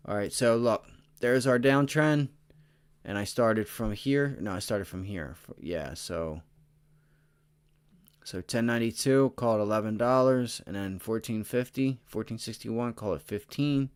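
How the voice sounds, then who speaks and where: Excitable low-voiced man doing live chart commentary. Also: unhurried, clear, resonant tone. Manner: energetic and excitable, swearing, talking to chat. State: tired. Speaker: stock trading livestream host.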